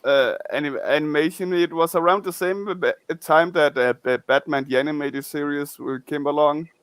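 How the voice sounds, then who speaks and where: A man hosting a casual podcast chat, talking in halting bursts and often repeating words. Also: a little high, steady tone, a bit bright, clean tone, no room sound. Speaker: podcast host.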